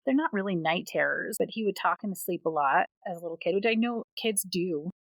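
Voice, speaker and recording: A woman in her thirties, a podcast co-host, telling personal stories in a casual, animated way and acting out the voices she quotes. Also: fairly low pitch, a little fast, gravelly, no echo, low-quality recording. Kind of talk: casual storytelling chat.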